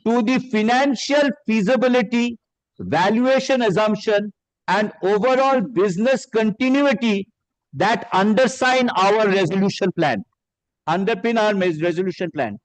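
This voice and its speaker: A man with a high-pitched voice and makes a courtroom argument, reading documents aloud to the bench with deference. The sound is dry and close, with no room reverb. He addresses the court with steady formality. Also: unhurried. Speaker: advocate.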